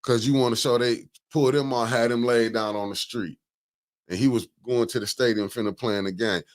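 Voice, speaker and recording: A man hosting a casual political talk show, talking in an animated, emphatic way, repeating words and cutting in. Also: medium pitch, a little fast. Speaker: host.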